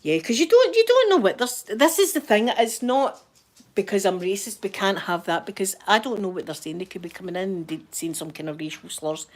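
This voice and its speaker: Woman, Glasgow accent, channel host, casual rambling chat, Scots words, mid pitch. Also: expressive, brisk. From Scotland.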